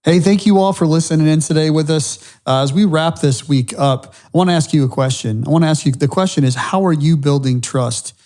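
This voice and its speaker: A man's voice: a little high, a little fast, hardly any pauses, darkish tone. A middle-aged man co-hosting a faith-based podcast, speaking reflectively and earnestly, often restarting his sentences. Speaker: podcast co-host.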